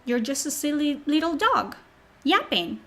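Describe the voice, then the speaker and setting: Woman, streamer, fairly high voice, sarcastic, mocking, profane, sick. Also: big pitch swings, unhurried, bright, forceful tone. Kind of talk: live stream chat reading.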